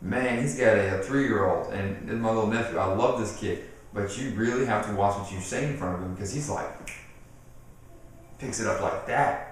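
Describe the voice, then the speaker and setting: A man giving casual parenting advice straight to camera, animated, acting out what people say and repeating himself as he goes. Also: lowish voice, normal speed, slight background noise. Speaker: parenting video host. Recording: very echoey room, mic off at a distance.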